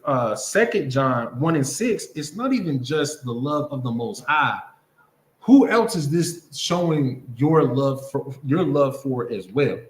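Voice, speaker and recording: A man preaching to a class in an easy, conversational way, stopping often to ask whether his listeners follow him. His voice sits a little high for a man. The room gives his words a noticeable echo. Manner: conversational preaching, keeps asking "you understand?". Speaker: Bible class teacher. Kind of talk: sermon-style Bible class teaching. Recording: roomy echo.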